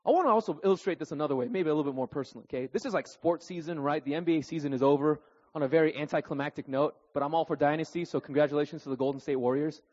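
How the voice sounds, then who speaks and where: A man in his thirties preaching through personal stories, animated and self-deprecating, tagging his sentences with "right?" and "okay?". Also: a little high, very fast. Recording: dull recording with long hall reverb.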